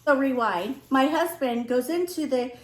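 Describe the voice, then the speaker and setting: A middle-aged woman vlogging from home, telling a story in a lively casual way and acting out the dialogue. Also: high-pitched, a little slow. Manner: animated, acts out both sides of the story. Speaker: lifestyle vlogger. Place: home room. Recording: echoey room.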